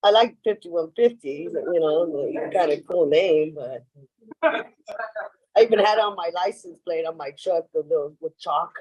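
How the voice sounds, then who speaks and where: A woman's voice: on the low side, a little slow, darkish tone, husky, highs cut off. A woman speaking at a recovery meeting, telling her story in a rambling way with lots of "you know" and acting out what people said. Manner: acts out quoted lines in her stories. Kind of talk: personal share at a meeting. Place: meeting room.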